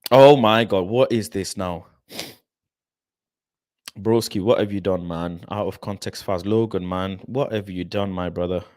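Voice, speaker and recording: A young man chats casually to his viewers on a livestream, reading comments aloud and answering each one. His delivery is animated and expressive, and the dry, close sound of the mic keeps him right up front. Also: low voice, measured pace, no echo. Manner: animated, expressive, laughs often, addresses viewers by name. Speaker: livestream host reading chat.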